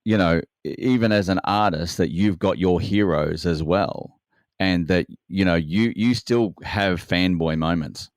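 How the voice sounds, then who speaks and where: A man hosting an interview podcast, making slow, unhurried remarks. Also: low-pitched, no room sound, clean studio sound. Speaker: podcast host. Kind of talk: interview chat.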